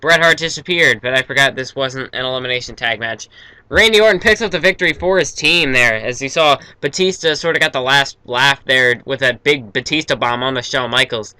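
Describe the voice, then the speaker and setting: A man's voice: medium pitch, brisk, smooth, no echo, poor audio. A young man giving casual, rambling play-by-play commentary over a wrestling video game, correcting himself as he goes, recorded on a cheap built-in mic. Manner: rambling, self-correcting, excitable at big moves. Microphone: built-in or cheap mic, no proper microphone yet.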